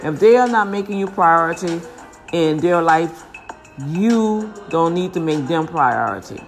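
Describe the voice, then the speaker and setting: Woman host, casual and preachy, upbeat shout-out delivery over a music bed. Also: on the low side, unhurried. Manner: lively, preachy, slangy, blessing listeners. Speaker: podcast host giving shout-outs. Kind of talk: casual motivational talk. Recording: music playing behind.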